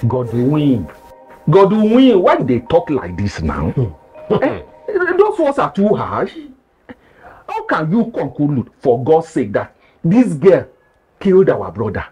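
A man's voice: fairly high pitch, wildly swooping pitch, takes it slowly, a little mellow, breathy edge, faint music behind, exaggerated voice. A man playing a weary village elder who presides over a family meeting, exasperated and reproachful.

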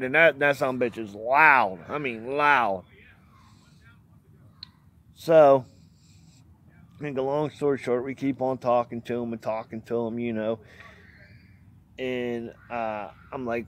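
Speaking at a measured pace and pausing often, this man has a mid-range, slightly bright voice with fairly even intonation. He's an outdoors vlogger casually telling a rambling hunting story, folksy and plainspoken, with plenty of laughs and some mild cursing.

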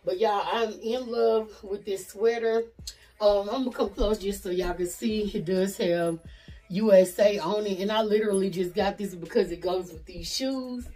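A woman's voice: mid-range voice, moderate pace, warm tone, far from the mic, faint music behind, poor audio. A woman from Nashville with a Southern accent, chatting casually to camera about her outfits. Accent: Southern American. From Nashville, USA. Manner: chatty, keeps saying "y'all" and "honey". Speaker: fashion vlogger. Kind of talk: casual try-on chat to camera.

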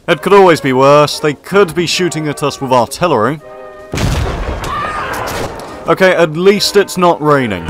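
A man's voice: medium pitch, lively intonation, normal speed, a bit bright. A man commenting over his own gameplay, slipping into a theatrical, mock-posh officer manner with dry jokes. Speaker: gaming commentator. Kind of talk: let's play commentary. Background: faint background music.

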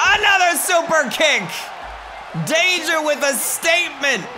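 A man putting on the voice of a hyped wrestling play-by-play announcer, yelling excited ringside calls over a video game match. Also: very high voice, measured pace, over music, a crowd in the background, pitched above the performer's own voice.

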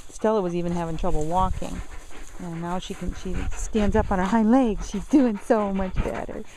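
A woman's voice: medium pitch, fairly even intonation, normal speed, slight background noise, rough recording. Woman coaxing and commanding her dogs outdoors. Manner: coaxing baby talk mixed with sharp commands. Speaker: dog owner. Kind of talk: casual vlog chat. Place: outdoor dog yard on a windy, chilly day.

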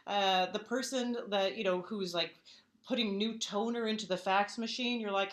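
Halting, wry woman hosting a live event. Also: mid-range voice. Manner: halting, with many "um"s and restarts, then wry; comic storytelling. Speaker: host.

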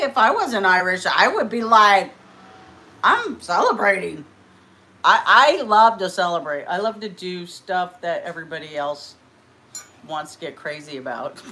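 A woman's voice: medium pitch, a bit bright. A woman hosting a casual eating livestream, chatting and giggling with viewers and a friend. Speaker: mukbang livestream host.

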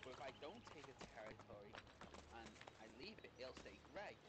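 A man giving casual gameplay commentary, chatty and easily excited, often trailing off mid-sentence. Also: mid-range voice, brisk. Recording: loud background noise.

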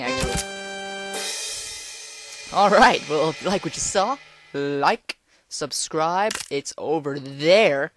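A young woman gives casual commentary on a game, her pitch leaping all over as she coaxes and scolds the screen. She is recorded at home over a noisy mic with audible hiss. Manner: animated, talks to the game, playful outbursts. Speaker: gameplay commentator. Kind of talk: casual let's-play commentary. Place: home room.

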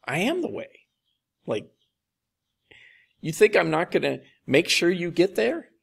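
A man's voice: high voice, sing-song, unhurried, creaky, breathy edge, voice pushed up, heavily acted. A man voicing Jesus as a patient, mildly exasperated teacher, in casual, emphatic paraphrase during a sermon. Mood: reassuring.

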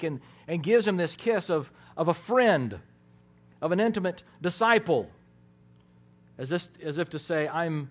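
Man, pastor, sermon, fairly high voice, hushed then emphatic, restarts phrases. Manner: preaching with dramatic swings between soft hushed lines and loud emphatic ones; repeats words as he restarts phrases.

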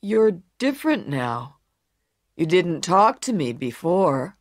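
A big, rough-looking boxer, a grown man with a kind heart, as a woman narrator puts him on. His voice sits deep and unhurried for a storybook. It sounds close and dry. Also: big pitch swings, dry recording, full character voice. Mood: gentle. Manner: slow, low and gentle.

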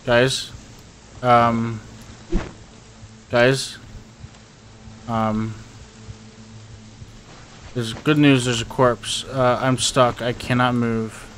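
A man's voice: mid-range voice, flat delivery, takes it slowly, pauses often, a little hiss or hum. Nervous young man narrating a game. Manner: nervous, rambling, talks to viewers. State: panicking. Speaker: gaming YouTuber. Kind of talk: let's play commentary.

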